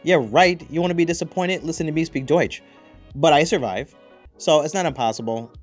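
A man's voice: on the high side, a little fast, soft background music. A man hosting a podcast, chatting casually with a profane, rambling, joking manner. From United States. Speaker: podcast host. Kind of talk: casual chat.

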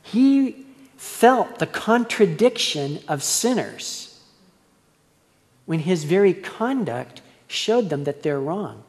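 A man's voice: high-pitched, big pitch swings, slow pace, darkish tone. A male pastor preaching a verse-by-verse sermon in a conversational, storytelling way. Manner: conversational storytelling, acts out quoted voices. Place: church hall. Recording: long church reverb.

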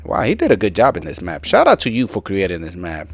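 Excitable man talking over a horror game. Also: low voice, quick pace, vocal fry. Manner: excitable, jumps to loud shouts and laughter; chatty, addresses viewers as "guys". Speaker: gaming commentator. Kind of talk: casual let's-play commentary.

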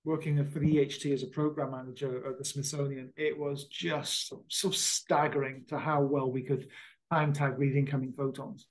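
A man's voice: mid-range voice, level tone, normal speed, rough recording. A middle-aged man, an astronomer, chatting casually and explaining with enthusiasm. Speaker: astronomer and former program manager. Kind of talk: casual conversation.

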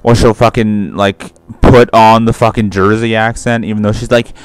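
A man's voice: lowish voice, little pitch movement, moderate pace, clean tone, no room sound. A young man doing casual let's-play commentary, rambling, swearing freely and correcting himself mid-sentence. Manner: rambling, profane, self-correcting.

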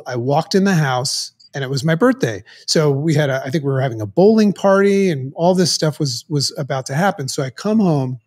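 A middle-aged man speaks as a podcast guest, recounting a turning point from his past. His voice sits a little high for a man, and he talks earnestly, pausing and restarting as he works through his memories. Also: darkish tone. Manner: earnest, halting, with many restarts. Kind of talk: personal storytelling in conversation.

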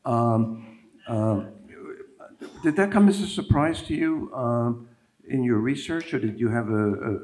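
A man's voice: medium pitch, darkish tone. A man interviewing an author onstage, hesitant, with many fillers.

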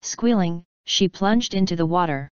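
A woman reading a novel aloud as narrator in a measured, even way. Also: lowish voice, clear, resonant tone, no room sound. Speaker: audiobook narrator. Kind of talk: scripted narration. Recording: dull dry audiobook recording.

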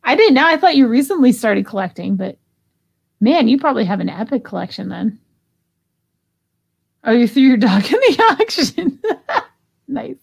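A woman's voice: on the high side, sing-song, moderate pace, vocal fry, long pauses, husky. A woman hosting a live online auction, chatting casually and giggling as she reads out bids. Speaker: live sale host.

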